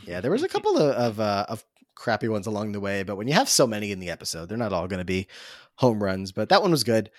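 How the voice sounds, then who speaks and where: Lively-voiced man chatting on a podcast. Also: fairly low pitch, fast, no room sound, clean studio sound. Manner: easygoing, laughs often, trails off with fillers. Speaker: podcast co-host. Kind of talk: casual recap chat.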